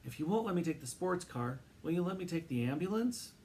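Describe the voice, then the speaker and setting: A man voicing a small, eager, determined male mouse who pleads urgently and lets out shrill siren cries. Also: expressive, brisk, darkish tone, slight background noise. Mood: pleading.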